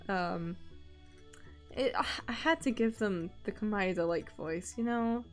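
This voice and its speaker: A woman's voice: medium pitch, unhurried. Woman, streamer, casual chat, rambling, frequent laughs, faint music behind. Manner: rambling, laughs often, lots of ums. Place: lives in Scotland.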